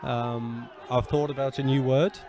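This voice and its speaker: A man co-hosting a casual football chat outdoors at a ground, playfully teaching Italian words slowly and patiently between remarks on the match. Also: mid-range voice, fairly even intonation, highs cut off, a crowd in the background, noisy background. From England. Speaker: podcast co-host. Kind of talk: casual match commentary and banter.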